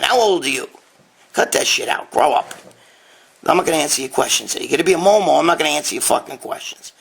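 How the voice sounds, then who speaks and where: Gravelly, blunt New man. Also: fairly high pitch, expressive, a little fast, fairly bright tone. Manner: blunt, profane, rambling. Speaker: host. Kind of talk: casual live-stream Q&A. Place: dining room at home. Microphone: handheld phone.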